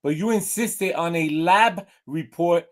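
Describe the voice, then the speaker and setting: A man voicing a matter-of-fact male vet in a joke, with deadpan delivery. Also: a little high, measured pace, pitched above the performer's own voice, lightly acted.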